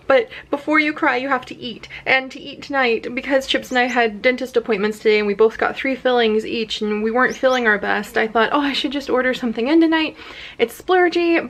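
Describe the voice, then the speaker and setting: Brief: upbeat woman vlogger, slightly high voice, chatty and gushing. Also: a bit bright. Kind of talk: casual vlog chat to camera. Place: outdoors at home, then indoors.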